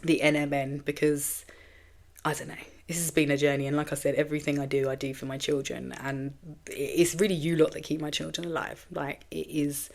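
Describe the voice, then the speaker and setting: A woman with a low voice hosts her own podcast. She talks in a candid, rambling way with casual swearing, a little emotional as she goes. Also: flat delivery, a little fast, creaky, darkish tone. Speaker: podcast host. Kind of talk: personal monologue podcast.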